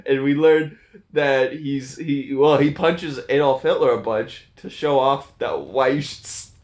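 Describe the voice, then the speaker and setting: A man's voice: medium pitch, measured pace, a little mellow, echoey room. A man giving a casual, laughing recap of a movie's plot, slipping into goofy voices for the characters.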